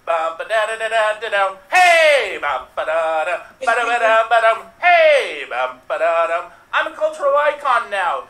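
A man's voice: very high voice, lively intonation, normal speed, few pauses, pushed and bright, roomy sound, heavily acted, low-quality recording. A man playing a deranged male clown villain, frantic and laughing in fits, one performer in an online improv show. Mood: manic.

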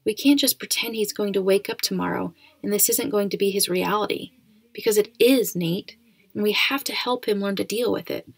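A woman voicing a caring, practical mother in a storybook reading, gentle and reassuring. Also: mid-range voice, moderate pace, creaky, breathy edge, no room sound.

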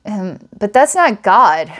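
Giggly, rambling woman psychic. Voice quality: giggly, rambling, frequent laughs and restarts. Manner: lively and emotional, softens to a hushed low tone. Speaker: psychic reader. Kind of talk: channeled psychic reading.

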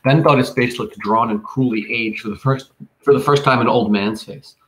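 A man reading a horror novel aloud in a measured, unhurried way, with small restarts. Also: mid-range voice, low-quality recording. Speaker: audiobook reader. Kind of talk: scripted narration of a horror novel.

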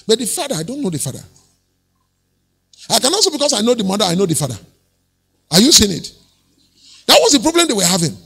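A male pastor preaching an animated sermon, acting out quoted voices and chuckling often. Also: high-pitched, creaky, breathy edge, long reverb tail.

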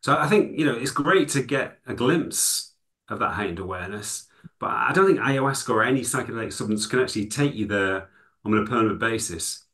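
An English man, a psychology lecturer and author, is a guest in an interview, explaining his ideas thoughtfully and conversationally with lots of "you know" fillers. His mid-range voice is animated, brisk and a bit bright.

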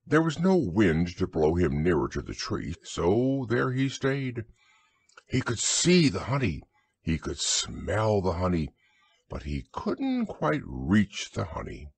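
Slow, gravelly bedtime-story man. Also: deep voice, wildly swooping pitch, no echo. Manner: gentle and unhurried. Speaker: audiobook narrator.

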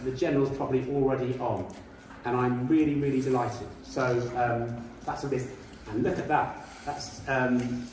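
A man's voice: mid-range voice, a little mellow, a little hiss or hum. A man giving an informal history talk with slides to a school audience, chatty with indignant asides and many ums. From Britain. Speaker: guest speaker. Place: school hall. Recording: echoey hall, distant mic.

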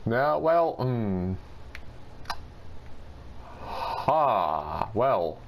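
Male gaming host, swears and laughs a lot, very slow delivery, pitch jumping all over. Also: sing-song, creaky, muffled recording, slight background noise. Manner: swears freely and laughs often. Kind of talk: casual gaming commentary.

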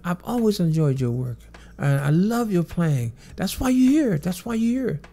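A man imitating an excited, grateful male pop star, his voice lifted high and gushing. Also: moderate pace, creaky, exaggerated voice. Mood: excited, affectionate.

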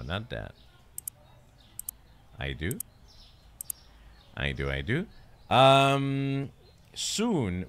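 A man's voice: sits low, a bit bright, slight background noise. A man streaming himself playing a game, chatting casually, mocking himself and swearing now and then.

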